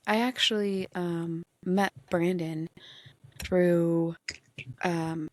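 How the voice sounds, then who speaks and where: A woman hosts a podcast and tells stories in an animated, gushing way. Her voice sits a bit low and sounds dry and close. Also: drawn-out words, dry recording. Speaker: podcast host. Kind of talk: casual chat.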